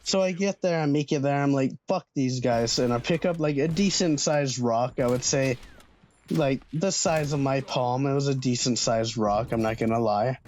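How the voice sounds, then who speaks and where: A man's voice: medium pitch, normal speed, darkish tone, a little hiss or hum. A young man telling a storytime vlog in a casual, slangy way, swearing freely. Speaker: vlogger.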